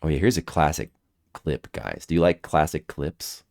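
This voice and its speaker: A man's voice: extremely low pitch, normal speed, vocal fry, a little mellow. A man streaming a video game, chatting casually and making goofy jokes to his viewers. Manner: goofy, jokey, laughs often. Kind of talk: casual joking commentary over gameplay.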